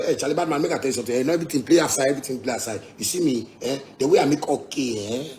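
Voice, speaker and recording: A man's voice: mid-range voice, expressive, brisk, creaky, long pauses, warm tone, slight background noise. Combative man with Ghanaian Pidgin accent. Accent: Ghanaian Pidgin English. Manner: combative, repetitive, swearing, laughing asides. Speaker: musician. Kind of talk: heated rant to fans.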